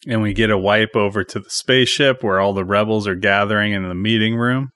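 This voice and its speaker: Low-voiced man hosting a casual podcast. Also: steady tone, fairly bright tone, no room sound, clean studio sound. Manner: chatty, retells scenes and adds quick opinions. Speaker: podcast host. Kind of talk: casual solo movie recap podcast.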